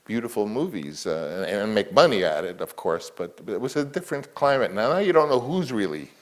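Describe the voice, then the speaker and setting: A man's voice: on the low side, big pitch swings, a little fast. A man, a film director, talking reflectively in an interview, rambling with many restarts.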